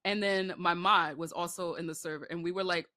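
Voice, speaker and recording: A woman's voice: fairly low pitch, a little fast, no echo, clean studio sound. An American woman chatting casually as a podcast guest, telling stories with many fillers and bursts of laughter. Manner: animated storytelling, many likes and fillers. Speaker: guest, horror manga artist.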